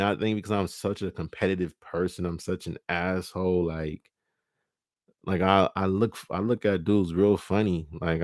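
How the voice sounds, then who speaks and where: A man hosting a live stream, talking casually and profanely, animated and laughing often as he acts out scenes. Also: sits low, dry recording, studio quality. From California.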